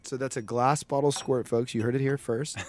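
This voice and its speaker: A man's voice: mid-range voice, fairly even intonation, fairly quick, darkish tone. A man co-hosting a casual podcast from a basement, joking and rambling with restarts. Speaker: podcast co-host. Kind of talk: casual chat. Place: basement room. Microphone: headphones and studio mic.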